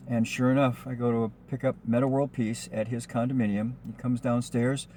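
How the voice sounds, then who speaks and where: A man spinning a casual story from his driving job, chatty and a little rambling, filling gaps with ums as he goes. His voice sits at an everyday middle pitch, with a faint hum of background noise behind him. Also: level tone, a little fast, hardly any pauses, warm tone. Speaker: rideshare driver telling a story. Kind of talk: casual spoken anecdote.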